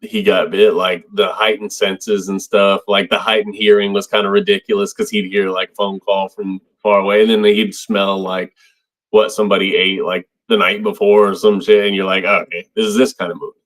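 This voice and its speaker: A man with a lowish voice, talking through a movie with a podcast co-host. He is relaxed and wry, and leans on a lot of filler words. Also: normal speed, low-quality recording. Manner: laid-back, wry, uses filler words. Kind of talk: casual movie discussion.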